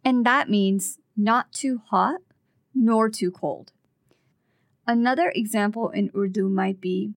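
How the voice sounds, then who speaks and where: A woman co-teaching a language lesson, explaining phrases in a measured, patient way. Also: mid-range voice, dry recording, studio quality.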